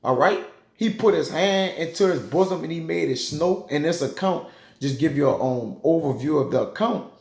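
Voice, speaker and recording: Gravelly, loose-talking male Bible teacher. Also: a little high, lively intonation, normal speed, a little mellow. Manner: loose and conversational, peppers talk with "man" and "you know". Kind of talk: casual scripture teaching. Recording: roomy echoey room.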